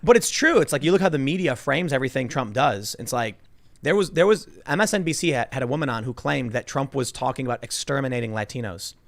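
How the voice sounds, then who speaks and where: A man hosting a political talk show, animated and chatty, acting out quotes in mocking voices. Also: medium pitch, quick pace. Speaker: podcast host.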